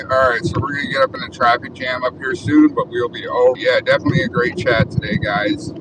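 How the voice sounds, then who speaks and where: A man's voice: mid-range voice, steady tone, fairly quick, hardly any pauses. A man hosting a casual livestream while driving, chatting and reading viewer comments aloud. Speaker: livestream host. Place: in a car on city roads. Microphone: phone held in car. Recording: distant phone mic with road noise. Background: traffic noise.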